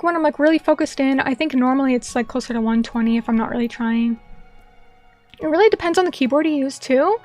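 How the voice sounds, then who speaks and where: Young woman streamer just chatting, high pitched, kinda rambly and apologetic, faint music behind. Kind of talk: casual chat with viewers. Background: faint background music.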